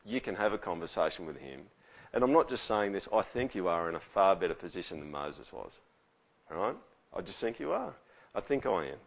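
A man's voice: deep voice, big pitch swings, brisk, creaky. Man, pastor giving a casual, conversational sermon. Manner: conversational, with frequent rhetorical tags.

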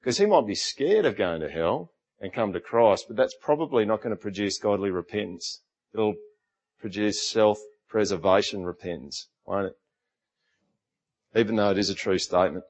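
A man's voice: fairly low pitch, animated, normal speed, a little mellow. A middle-aged man with an Australian accent preaching a sermon in a conversational way, often asking the congregation rhetorical questions. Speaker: pastor.

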